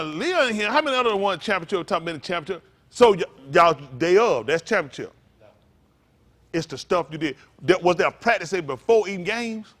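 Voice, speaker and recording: Man, pastor, high voice, animated, talks back and forth with the congregation. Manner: animated, calls out to the congregation, folksy vernacular. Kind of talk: interactive sermon.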